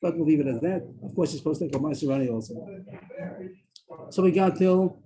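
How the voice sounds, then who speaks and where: A man leads a Talmud study class on a video call. He explains at a rapid clip in a dark, mellow voice, often stopping to restart his sentences. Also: on the high side, a little hiss or hum, rough recording. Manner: explains quickly, with frequent restarts.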